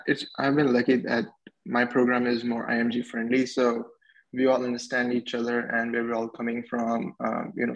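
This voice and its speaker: Doctor guy on a panel, flat gravelly voice, lots of um, muffled lo-fi sound. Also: mid-range voice. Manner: hesitant, many ums. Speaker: physician guest. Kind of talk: panel discussion answer. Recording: dull lo-fi audio.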